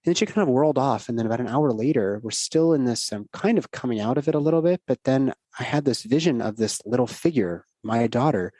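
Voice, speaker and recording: A middle-aged man talks earnestly as a podcast guest, rambling from thought to thought. His voice sits in a middle pitch. The sound is dry and close. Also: lively intonation, fast, few pauses, mellow, no echo. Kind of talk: casual podcast conversation.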